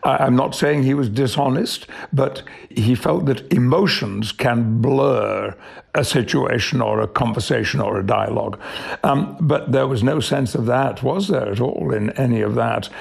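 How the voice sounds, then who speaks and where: An older man talks through an interview in an eloquent, reflective way. His voice is deeply gravelly with a husky edge, pausing thoughtfully between ideas. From Yorkshire, England. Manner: measured, eloquent, with thoughtful pauses. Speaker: interview guest, actor.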